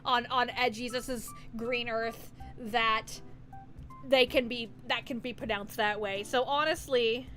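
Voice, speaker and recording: Giggly high-voiced woman streamer. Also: fairly even intonation, slow, a bit bright, faint music behind. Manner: giggly, playful, rambling and silly. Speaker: live streamer. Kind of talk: casual live-stream chat.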